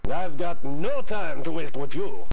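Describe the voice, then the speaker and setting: A man's voice: on the high side, animated, unhurried, gravelly, slight background noise. An actor playing a sleazy, pompous male photographer in a video game, speaking with an exaggerated fake French accent in a curt, haughty way. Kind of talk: full-motion video game acting.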